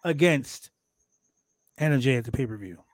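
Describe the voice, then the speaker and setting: A man hosting a casual wrestling recap show, talking in an animated, profane way and acting out quotes from the show. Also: medium pitch, normal speed, dry recording. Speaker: podcast host recapping wrestling.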